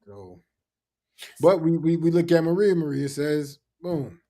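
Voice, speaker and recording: Man, podcast co-host, slightly high voice, emphatic repeater. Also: animated, measured pace, dark tone. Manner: emphatic, repeats phrases for effect. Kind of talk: casual chat.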